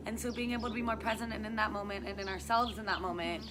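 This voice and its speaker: A woman's voice: mid-range voice, fast, background noise. A woman who teaches youth yoga, talking earnestly in a casual outdoor discussion and thinking aloud with plenty of fillers. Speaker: youth yoga and wellness instructor. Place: outdoors in sunny weather.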